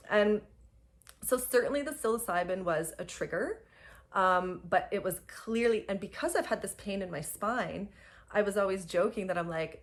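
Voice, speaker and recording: Woman, young adult, personal storytelling, emphatic, filler-heavy, mid pitch. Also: unhurried, fairly bright tone. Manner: breathless and emphatic, many fillers and laughs. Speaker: spiritual guide.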